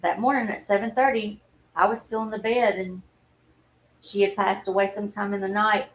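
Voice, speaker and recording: A woman, telling a personal story in a halting, earnest and openly emotional way on a livestream. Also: mid-range voice, steady tone, a little hiss or hum, low-quality recording. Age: 40s. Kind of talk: candid personal livestream talk.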